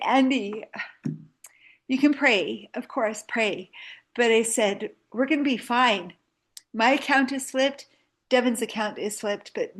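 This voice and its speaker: A middle-aged woman giving an earnest, conversational testimonial speech to an audience, speaking directly to her listeners. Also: mid-range voice. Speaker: sales agent giving a testimonial.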